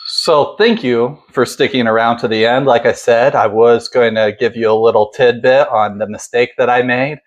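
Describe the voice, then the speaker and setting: A man's voice: mid-range voice, steady tone, moderate pace, hardly any pauses, highs cut off. A man hosting a casual home cooking video, chatting in a laid-back, self-deprecating way while he makes salsa. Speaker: cooking channel host.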